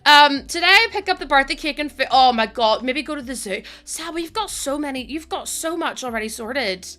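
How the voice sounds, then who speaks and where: A woman with a Northern Irish accent chatting fast with her stream audience, tired and laughing often. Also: sits high, animated, bright, forceful tone. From Northern Ireland. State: tired from lack of sleep. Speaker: live streamer. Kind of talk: casual chat with a stream audience.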